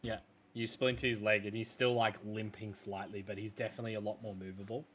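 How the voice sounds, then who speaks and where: A man's voice: lowish voice, level tone, fairly quick, a bit bright, a little hiss or hum. A man narrating as game master, describing scenes loosely with lots of fillers.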